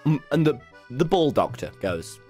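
Speaking in a mid-range voice, a British man on a stream recounts a story to his chat. He gets excited and laughs, sometimes erupting into shouts.

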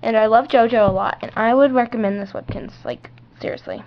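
Teen girl vlogger, high and gushing, squeals with excitement; slightly muffled home recording with a faint hiss behind. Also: fairly quick. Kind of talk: unboxing vlog. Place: outdoors at home, later indoors.

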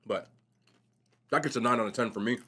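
A young man vlogging casually while eating, telling stories in a slangy, animated way. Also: medium pitch, a little fast, slightly rough. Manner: animated, slangy storytelling, says bro a lot. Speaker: mukbang vlogger.

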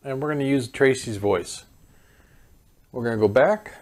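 A man's voice: mid-range voice, moderate pace, long pauses, a little mellow. A man hosting a casual product demo, thinking aloud in an easygoing way as he clicks through a robot's settings. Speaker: host demonstrating a home robot.

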